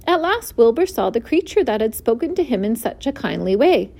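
A woman reading a children's book aloud, expressive and clear. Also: a little high, fairly quick, few pauses. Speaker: storyteller.

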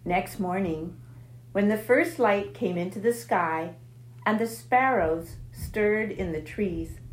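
A woman narrating a children's storybook aloud in a measured, expressive way. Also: mid-range voice. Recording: echoey room.

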